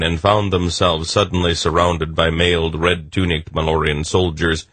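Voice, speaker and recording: Very deep, slow male audiobook narrator. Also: a bit bright, dry recording. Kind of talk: scripted narration.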